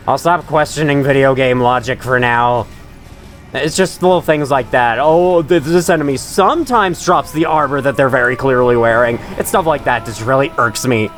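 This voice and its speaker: A man's voice: medium pitch, moderate pace, fairly bright tone, faint music behind. A man giving rambling, chatty gameplay commentary, laughing often and talking to enemies on screen. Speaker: gaming channel host.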